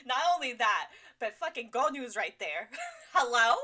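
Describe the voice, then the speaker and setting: A woman's voice: fairly high pitch, expressive, moderate pace, sharp tone. A woman co-hosting a casual podcast, telling a story in a laid-back, candid way, laughing and swearing now and then. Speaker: podcast co-host.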